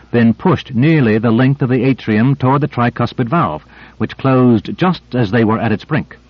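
Male audiobook narrator, steady measured read, dry dull lo-fi sound. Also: mid-range voice, no echo. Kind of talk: scripted narration.

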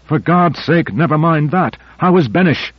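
A man puts on a forceful male officer whose voice jumps high and loud with urgency. It is read for an audiobook. The recording is dry and a little dull. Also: expressive, moderate pace, breathy edge, dry recording. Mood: urgent. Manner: shouting, urgent.

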